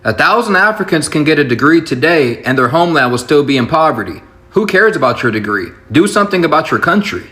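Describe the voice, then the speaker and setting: Guy lecturing, bright tense voice, kinda dismissive. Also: on the high side, very animated, quick pace, few pauses. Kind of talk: opinion monologue.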